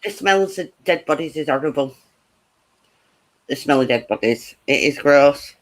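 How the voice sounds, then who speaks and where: A woman's voice: sits low, animated, a little slow. A middle-aged woman, chatting casually, blunt and laughing through her stories. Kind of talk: casual chat, storytelling.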